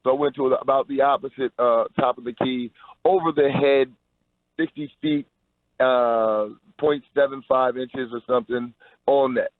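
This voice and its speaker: A man's voice: mid-range voice, fairly even intonation, moderate pace, no echo. A man, a pro basketball player, giving an upbeat radio interview over the phone, stumbling into restarts as he talks. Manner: upbeat, promotional, with repeated restarts. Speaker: Harlem Globetrotters player, guest. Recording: tinny phone line.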